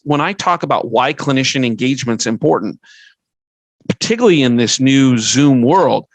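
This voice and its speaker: A man's voice: medium pitch, no echo, poor audio. A middle-aged man hosting a podcast, giving earnest advice in a conversational way, listing his points and often restarting a sentence. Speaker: podcast host and fundraising consultant.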